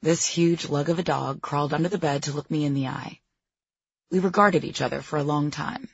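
Husky woman reading her memoir. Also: low voice, brisk, no room sound, dull audio. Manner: candid, self-deprecating storytelling. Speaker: memoir narrator. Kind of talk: audiobook memoir narration.

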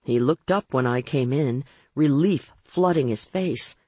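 Woman reading an audiobook in first person, wry tone, slightly husky, really dry close mic. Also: very deep voice, measured pace, dark tone, no echo. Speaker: audiobook narrator. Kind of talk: first-person scripted narration.

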